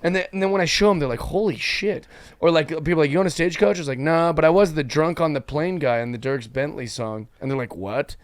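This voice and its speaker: A man's voice: fairly high pitch, quick pace, no room sound, studio quality. A man hosting a comedy podcast, chatting casually and acting out other people's lines as he tells stories. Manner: animated storyteller acting out quotes. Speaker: podcast host.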